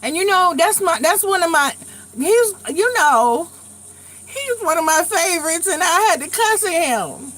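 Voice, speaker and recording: A woman in her late forties hosting a live tarot stream, telling stories in a blunt, profane, animated way while getting over a cold. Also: extremely high pitch, normal speed, slight background noise. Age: late 40s. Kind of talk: casual live chat.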